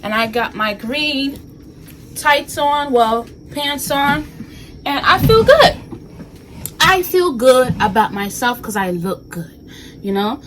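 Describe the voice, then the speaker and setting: Speaking slowly in a fairly high voice, a twentysomething New Yorker talks casually to her viewers in a home vlog shot in her bedroom. She's animated and sassy, addressing the camera directly and peppering her talk with slang, though the audio is very noisy.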